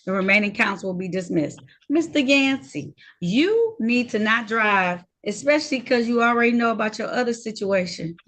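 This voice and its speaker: Firm judge on a video call, higher voice. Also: female voice, lively intonation, normal speed, a bit bright. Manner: firm, direct, scolding. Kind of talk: court hearing.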